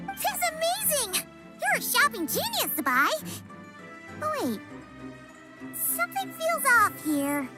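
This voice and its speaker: A woman voicing a tiny, excitable female companion creature in a video game, who talks about herself in the third person. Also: very high-pitched, takes it slowly, long pauses, full character voice. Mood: excited. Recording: game audio with music behind.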